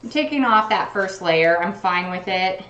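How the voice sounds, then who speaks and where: A woman's voice: medium pitch, moderate pace, roomy sound, heavy background noise. A woman chatting casually on a cooking livestream, narrating what she does as she chops in her home kitchen. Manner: chatty, talks while chopping, self-narrating. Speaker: cooking streamer.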